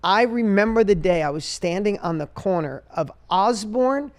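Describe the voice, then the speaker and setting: A man in his forties from upstate New York hosting a podcast, telling his own story in an earnest, quick way. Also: high voice, animated. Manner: earnest, fast personal storytelling. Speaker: podcast host. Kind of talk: conversational interview.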